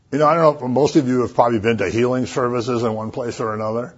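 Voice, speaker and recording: A man preaches in an easygoing, chatty way, spinning stories and asides as he goes. His voice is husky at a middling pitch. The recording sounds dull and lo-fi. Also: quick pace, hardly any pauses. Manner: conversational, animated storytelling with asides. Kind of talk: casual sermon.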